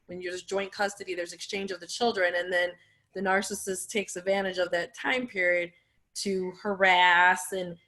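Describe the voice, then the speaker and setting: A woman hosting a podcast who speaks in a measured way, pausing with fillers as she frames her points. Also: fairly low pitch, fairly even intonation, bright, forceful tone. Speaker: podcast host and support group leader. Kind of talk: conversational interview talk.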